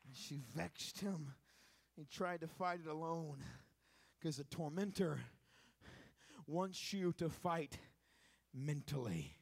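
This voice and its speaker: A male preacher giving a sermon in a church, swinging from hushed lines to shouted, rhythmic repetition. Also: fairly high pitch, lively intonation, takes it slowly, husky.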